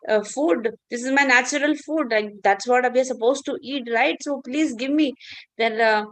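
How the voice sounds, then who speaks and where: A woman's voice: sits high, moderate pace, fairly bright tone. A woman voicing a hungry male eagle from a fable who argues for his food. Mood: insistent. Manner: pleading, argumentative.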